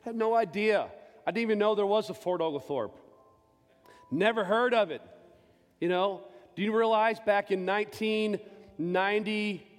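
A man in his forties, a pastor, giving an impassioned personal testimony from the pulpit, swinging between loud and hushed. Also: high-pitched, moderate pace. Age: 40s. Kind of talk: sermon. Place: church sanctuary. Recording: long church reverb with faint music.

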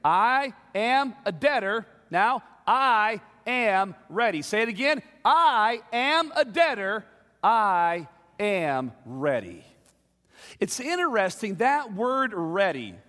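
A man preaching a sermon in rhythmic call-and-response, building to shouts. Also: high voice. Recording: long hall reverb.

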